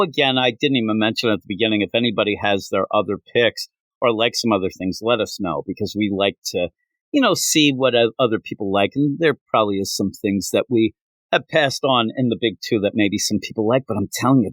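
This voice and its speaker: A man's voice: lowish voice, brisk, a bit bright, no room sound. A man hosting a comics podcast, talking casually and animatedly, often repeating "I'm telling you.". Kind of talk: casual chat.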